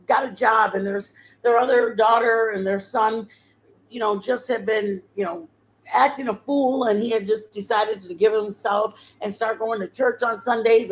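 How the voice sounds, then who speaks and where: A woman's voice: fairly high pitch, rough recording. A woman hosting her channel, telling a personal testimony in a rambling, heartfelt way with many fillers and restarts. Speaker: channel host sharing a testimony. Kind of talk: emotional personal storytelling.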